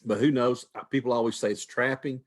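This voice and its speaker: A man's voice: medium pitch, fairly even intonation, brisk. An older man, a retired wildlife manager, answering questions in a folksy, conversational way with frequent restarts. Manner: folksy, repeats words, restarts phrases.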